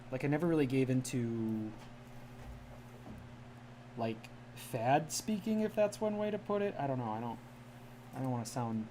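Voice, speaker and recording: A man's voice: mid-range voice, gravelly, mellow, slight background noise. A man from the Midwest chatting casually on a livestream, enunciating carefully in a polished media-style voice. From American Midwest. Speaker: livestream host. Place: home room with a cat.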